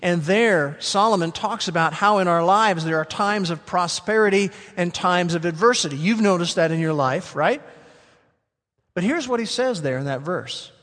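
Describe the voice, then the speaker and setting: A man preaching a sermon as pastor, emphatic, slowing down to stress key words. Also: high voice, fairly bright tone. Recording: long hall reverb.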